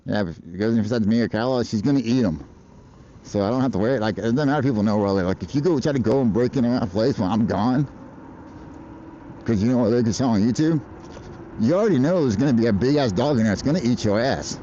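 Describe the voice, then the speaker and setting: A man's voice: medium pitch, animated, quick pace, dark tone, highs cut off, slight background noise. An American man livestreaming outdoors, chatting casually in a rambling, profane way and laughing often. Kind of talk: casual live-stream chat. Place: outdoors in traffic on a bike.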